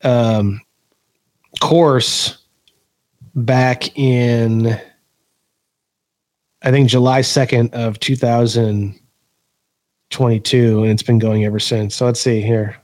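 Casual profane male podcast guest, animated and playful, dry sound. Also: mid-range voice, slow, long pauses, no echo. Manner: profane, laughing, animated storyteller.

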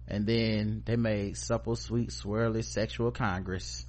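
Animated, joking male podcast host. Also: fairly low pitch, slow, few pauses. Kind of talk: casual show recap.

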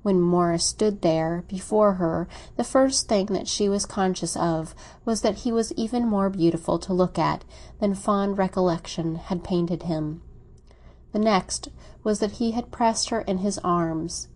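Woman narrator for a classic novel audiobook, measured and mid-pitched. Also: darkish tone.

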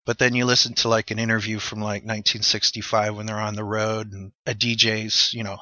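A man's voice: on the low side, little pitch movement, moderate pace, few pauses, pushed and bright, no room sound. A man speaking as a guest in a casual discussion, loose and chatty with lots of fillers. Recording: dull, dry sound.

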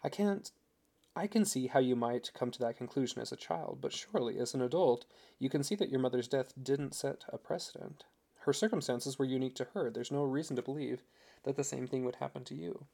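A man voicing a devoted young husband, earnest and gently persuasive. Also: mid-range voice, brisk, vocal fry. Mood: tender.

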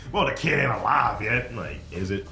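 A man's voice: mid-range voice, creaky, reverberant. A man co-hosting a casual podcast, telling crude stories and acting out the people in them. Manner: animated storytelling with lots of impressions. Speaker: podcast co-host. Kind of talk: casual explicit podcast banter.

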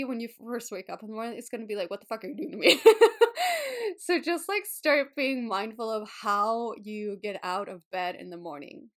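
Bubbly, laughing woman podcast host. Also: mid-range voice. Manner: bubbly and expressive, laughs often, swears casually. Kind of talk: casual wellness podcast talk.

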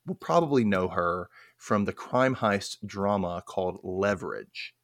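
A man's voice: deep voice, animated, measured pace. A man with a Southern American accent from Mississippi, hosting a casual podcast, rambling and laughing at his own jokes. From United States. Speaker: podcast host.

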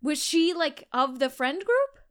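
A woman's voice: high voice, sing-song, unhurried, fairly bright tone. A Canadian woman co-hosting a podcast, chatting casually and laughing often. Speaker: podcast co-host. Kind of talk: casual chat.

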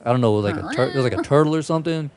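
A man's voice: mid-range voice, animated, rapid-fire, a little mellow, a little hiss or hum. Swearing, laughing young man telling stories. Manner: profane, laughing storyteller. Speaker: podcast host. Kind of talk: casual chat.

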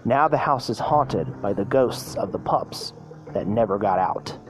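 A man reading aloud in a fan storybook, voicing an older male cafe owner who tells a spooky legend in a low, hushed delivery. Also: lively intonation, a little slow, music in the background. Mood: ominous.

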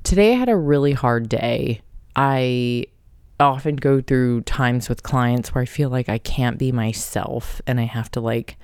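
A woman podcast host with a very deep, slightly mellow, clear and resonant voice speaks a little slowly as she tells a rambling personal story in a casual, chatty way. She swears now and then and laughs mid-sentence. The recording is dry with a clean studio sound.

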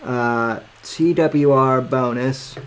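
A man hosting his podcast in casual talk, halting and searching for words as he sets up a clip. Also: mid-range voice, smooth. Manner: halting, searching for words while working the screen. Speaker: podcast host.

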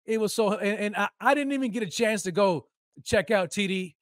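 Male sports podcast host, high voice, dry close sound, mocking heated rant full of repeats. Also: fairly quick, fairly bright tone, no echo. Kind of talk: solo sports commentary rant.

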